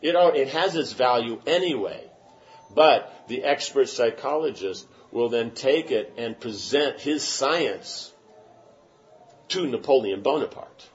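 A man's voice: medium pitch, lively intonation, measured pace. Spiritual teacher, male, rambling emphatic lecture, lo-fi muffled sound. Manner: rambling, emphatic, with many restarts. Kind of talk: lecture answering questions.

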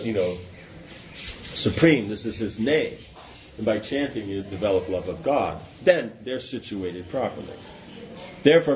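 A man's voice: mid-range voice, a little mellow. A man giving a scripture class in a loose, conversational way, often stopping to ask if his listeners follow. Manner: conversational, checks understanding with asides. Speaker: religious teacher. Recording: dull lo-fi with faint noise.

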